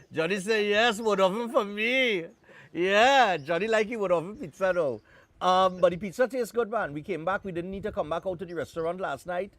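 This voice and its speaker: A man's voice: sits high, fairly bright tone, no room sound. A man with a Trinidadian accent, hosting a live morning TV show in a chatty, joking way with loose Caribbean phrasing. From Trinidad and Tobago. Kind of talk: casual on-air chat.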